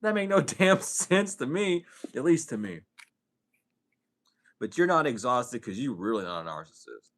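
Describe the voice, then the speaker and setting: A man's voice: big pitch swings, normal speed, a bit bright, a little hiss or hum. A man giving a casual spiritual reading, profane and streetwise, full of rhetorical questions. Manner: swings from low mutter to high exclaims. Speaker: spiritual reader.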